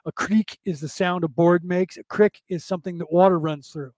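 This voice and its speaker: A man from California hosts a rambling solo podcast monologue, drifting from point to point and checking in with "right?" as he goes. His voice sits high for a man. The recording is dry and close, with no room sound. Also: fairly even intonation, moderate pace, a little mellow, dry recording. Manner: digressive, repeats words and asks "right?". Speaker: podcast host.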